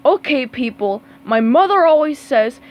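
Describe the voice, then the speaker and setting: A woman's voice: sits high, lively intonation, a little slow, dull audio. A woman reading a storybook aloud, voicing a grumpy, demanding male squid coach who barks orders. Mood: bossy. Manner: bossy, barking orders.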